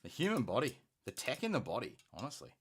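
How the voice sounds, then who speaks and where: A man chatting casually while he paints on a live stream. His delivery is easygoing and jokey, and his pitch moves in a lively, animated way. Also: fast talker, a little hiss or hum. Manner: laid-back, jokey banter. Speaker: streamer host.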